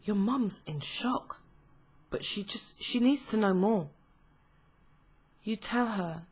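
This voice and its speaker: A woman giving a tarot reading, told as a slow, emotive second-person story with frequent pauses. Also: medium pitch, slightly rough. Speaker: tarot reader.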